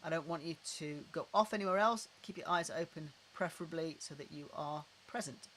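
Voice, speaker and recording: A middle-aged man calmly guiding a tapping and breathing exercise, slow and repetitive, recorded indoors at his desk. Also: on the high side, slight background noise, low-quality recording. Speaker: tapping practitioner. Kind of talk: guided tapping and breathing instruction.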